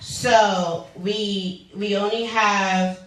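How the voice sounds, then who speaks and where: A woman hosts a call-in talk show at an unhurried pace, greeting regular listeners by name. She sits back from the microphone, and her voice rings in a very echoey room. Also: medium pitch, fairly even intonation, fairly bright tone. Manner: slow, chatty, calls out listeners by name. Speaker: radio talk show host. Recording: echoey, distant from the mic.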